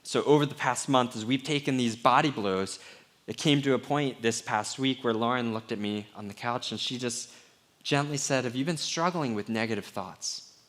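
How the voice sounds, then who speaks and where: A middle-aged man preaching a sermon as pastor, candid and conversational, sometimes dropping to a hushed voice. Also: mid-range voice, normal speed.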